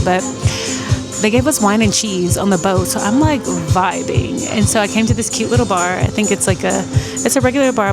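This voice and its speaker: A young woman from the United States, chatting casually and bubbly as a travel vlogger, laughing often. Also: mid-range voice. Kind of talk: casual vlog chat. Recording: music playing behind.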